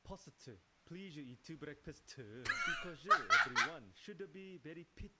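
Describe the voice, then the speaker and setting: A man's voice: on the high side, huge pitch swings, normal speed. A man voicing a pushy character in an imitated Korean English accent, speaking clipped broken English, from a noisy clip. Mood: bossy. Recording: loud noisy clip with clicks.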